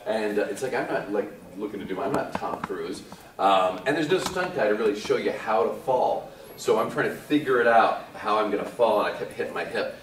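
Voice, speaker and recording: A man in his forties, an actor guest telling lively anecdotes to a convention audience, acting out what others said and laughing often. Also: lowish voice, a little fast, noisy background. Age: 40s. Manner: animated storyteller, acts out quotes, laughs often. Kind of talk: casual anecdote to a live audience. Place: convention hall. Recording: echoey hall, distant mic.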